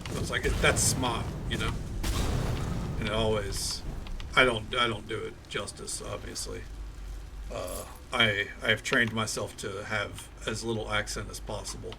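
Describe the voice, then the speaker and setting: Gravelly man rambling over gameplay. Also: fairly low pitch, fairly even intonation, normal speed, background noise. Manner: rambling, frequent cursing and restarts. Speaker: streamer. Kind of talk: casual gaming commentary.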